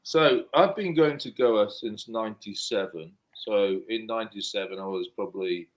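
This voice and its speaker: A man's voice: fairly low pitch, normal speed, low-quality recording. A man in his fifties, telling a story in casual chat and hamming it up for effect. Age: 50s. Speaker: panel guest.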